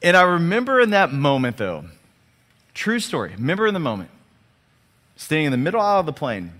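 Animated male pastor in a reverberant hall. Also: on the high side, fairly quick. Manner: animated storyteller who acts out dialogue; frequent restarts and repeated words. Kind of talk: storytelling sermon.

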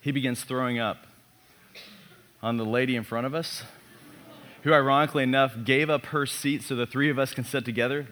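A man in his thirties, a pastor preaching a sermon built around a personal story, animated and self-mocking. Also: medium pitch, fairly quick, long pauses, a little hiss or hum.

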